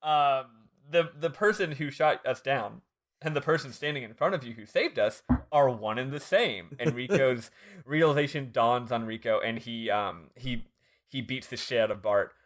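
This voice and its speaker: A man co-hosting a podcast, recapping a game in casual chat, laughing often and swearing, acting out the characters in quick bits. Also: mid-range voice, a bit bright. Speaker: podcast co-host.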